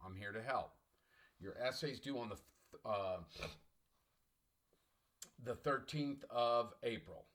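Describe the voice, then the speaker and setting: Speaking slowly and pausing often, a middle-aged man who teaches college English delivers an emphatic, repetitive, motivational online lecture. He clears his throat frequently, and his medium-pitched voice is a bit bright.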